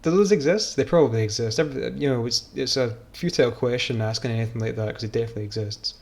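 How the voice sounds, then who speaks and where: A man's voice: medium pitch, fast talker, darkish tone. A man streaming a game, rambling and joking in casual, self-mocking commentary. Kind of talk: casual commentary while gaming.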